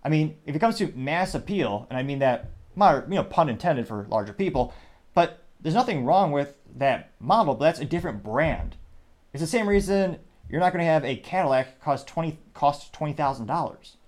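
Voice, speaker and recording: A man's voice: on the high side, animated, a little fast. A man hosting a podcast, delivering an opinionated commentary monologue in a sarcastic, dismissive tone that rambles with many restarts. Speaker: podcast host.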